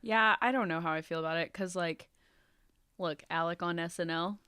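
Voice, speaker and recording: Low-voiced young woman co-host. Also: normal speed, sharp tone, smooth, dry recording, clean studio sound. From American South. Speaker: podcast co-host. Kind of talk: casual chat.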